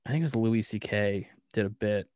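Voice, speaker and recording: A man casually telling deadpan stories about his daughter, acting out both sides of the dialogue. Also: lowish voice, brisk, no room sound, studio quality. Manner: deadpan storyteller who acts out dialogue. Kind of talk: casual chat.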